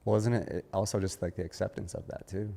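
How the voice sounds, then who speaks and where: A man's voice: sits low, steady tone, fast, gravelly, warm tone, long reverb tail. A man hosting a podcast interview, asking questions in an easygoing, somewhat hesitant way. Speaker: podcast host.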